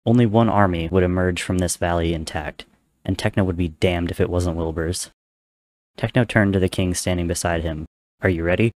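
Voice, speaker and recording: A man reading a fan-written story aloud, narrating in a steady, measured way. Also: low voice, dry recording.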